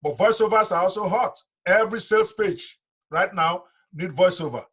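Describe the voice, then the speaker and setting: A middle-aged man who teaches online business delivers a live training lecture, speaking emphatically and directly to his students. His voice is high and husky, and he talks at a normal speed.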